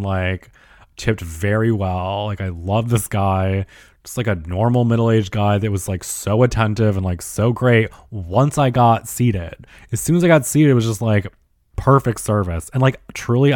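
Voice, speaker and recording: A man's voice: lowish voice, darkish tone, dry recording, studio quality. A young man rambling through a story in a casual monologue, filling nearly every phrase with "like", swearing often and getting worked up. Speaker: storyteller recounting a night out.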